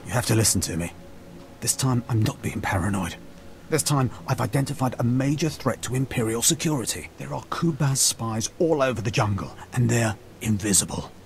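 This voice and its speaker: A paranoid Imperial captain. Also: male voice, mid-range voice, sing-song, normal speed, gravelly, a little hiss or hum. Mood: urgent. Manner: urgent, insistent, scornful. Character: paranoid intense male Imperial army captain. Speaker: game character.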